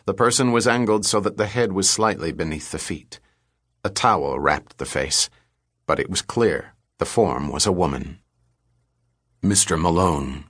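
A man narrating an audiobook thriller in a steady, measured storytelling manner. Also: low voice, breathy edge, dry recording, clean studio sound.

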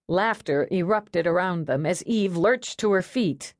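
A woman narrating an audiobook in a wry, expressive storytelling manner. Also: lowish voice, measured pace, few pauses, dry recording, clean studio sound. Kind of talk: scripted narration.

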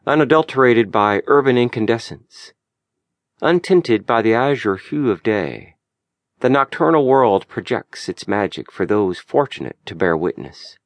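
A man narrating a memoir audiobook in a measured, lyrical, deliberate way, recorded close in a studio. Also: mid-range voice, animated, no echo. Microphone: close studio mic.

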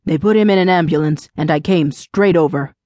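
A woman narrator voicing a calm, steady male firefighter who speaks low, quiet and urgent. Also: a little fast, dry recording, studio quality, close to an everyday voice.

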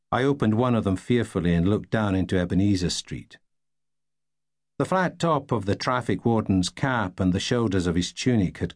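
A man reading a novel aloud in the first person, wry and deadpan. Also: lowish voice, no room sound, clean studio sound. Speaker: audiobook narrator.

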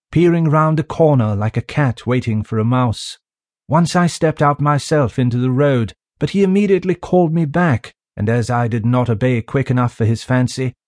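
A man narrating a classic novel in a measured, even storytelling manner. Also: mid-range voice, dry recording. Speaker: audiobook narrator. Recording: dry close studio sound.

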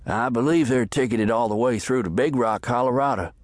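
A man's voice: mid-range voice, brisk, no room sound, voice pushed up, close to an everyday voice. A man voicing a courteous, helpful male ticket clerk in a western audiobook. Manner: courteous, obliging.

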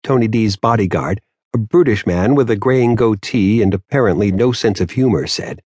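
A man narrating a crime novel audiobook in a steady, measured way. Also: lowish voice, husky, no echo, clean studio sound. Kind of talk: scripted narration.

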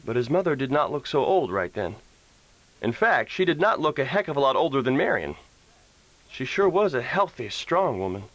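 A man narrating a western audiobook in a mid-pitched voice. His intonation rises and falls freely as he tells the story. The sound is close and dry, with no room around it. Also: fairly bright tone, dry recording, poor audio. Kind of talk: scripted narration.

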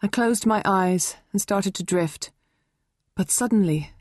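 A woman's voice: mid-range voice, a little slow, darkish tone, dry recording, clean studio sound. A woman narrating a novel in a wry, conversational first-person storytelling manner. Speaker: audiobook narrator.

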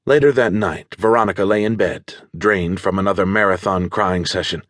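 A man narrating a thriller audiobook in a measured, steady storytelling manner on a close studio mic. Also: low-pitched, no room sound.

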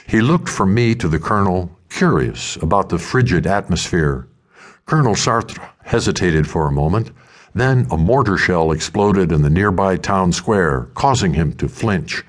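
A male audiobook narrator with a deep, low voice. He reads a first-person story in a measured, steady way.

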